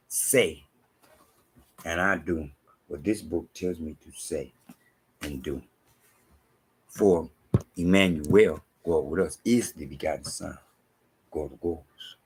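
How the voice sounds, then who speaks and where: A man preaching a monologue, reading scripture aloud and repeating his points emphatically, often dropping to hushed asides. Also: deep voice, a little hiss or hum.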